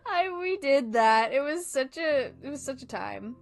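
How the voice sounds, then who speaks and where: A woman's voice: high-pitched, lively intonation, unhurried, soft background music. Rambling, giggly young woman streamer. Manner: rambling, laughs often, swears casually. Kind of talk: casual chat stream.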